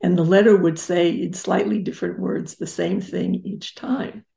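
A woman's voice: fairly low pitch, steady tone, moderate pace, gravelly, mellow. An older woman, a psychotherapist guest in an interview, telling personal stories in a reflective and emphatic way. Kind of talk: interview storytelling.

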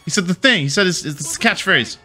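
A man's voice: sits high, lively intonation, a little fast, pushed and bright, faint music behind. A man casually commenting on his gameplay as a video host, goofy and rambling, swearing and laughing as he plays.

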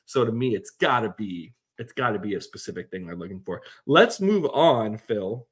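A man's voice: fairly low pitch, very animated, normal speed, husky. A man co-hosting a podcast, chatting casually about sports in a rambling way with lots of fillers. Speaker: podcast co-host.

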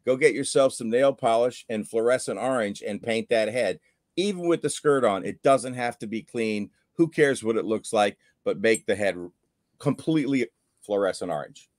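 A man's voice: mid-range voice, animated, normal speed, no room sound, clean studio sound. A man sharing tips and stories in a casual live-stream chat, often repeating little catchphrases. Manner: storytelling, repeats catchphrases like "there you go". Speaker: guest angler.

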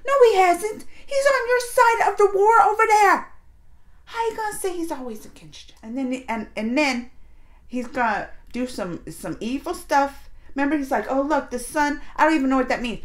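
Animated woman reacting to a show. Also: high-pitched, moderate pace. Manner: animated, excitable retelling with laughs and acted-out quotes. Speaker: reaction video host. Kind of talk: casual reaction commentary.

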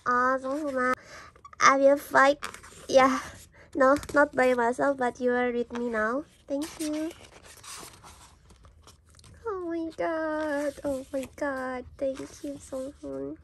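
A young woman talks in a high, unhurried voice, gasping and gushing with delight. She chats casually to her viewers as a vlogger. A faint hiss of noise sits behind her. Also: steady tone, a bit bright. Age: young adult. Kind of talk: casual fan unboxing vlog.

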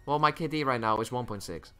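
A man's voice: mid-range voice, fast talker, sharp tone, clean tone. A young man streaming a game live, chatting with viewers and ranting with frequent swearing. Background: faint music.

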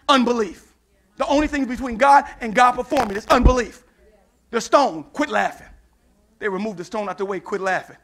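A male preacher with a very high, bright voice works through his sermon in call-and-response fashion. He acts out the Bible scenes in different voices and rises into shouted passages. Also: a little fast. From United States.

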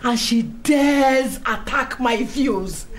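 A woman with a Nigerian accent playing a proud, furious senior woman of a ladies' club, ranting and shouting with scornful laughs in a film drama. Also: a little high, very slow. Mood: raging. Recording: echoey room with music underneath.

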